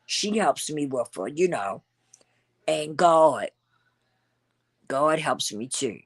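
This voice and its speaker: A middle-aged woman, hosting her own vlog and talking candidly and emotionally, often repeating phrases for emphasis. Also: sits low. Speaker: channel host. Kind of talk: heartfelt personal vlog talk.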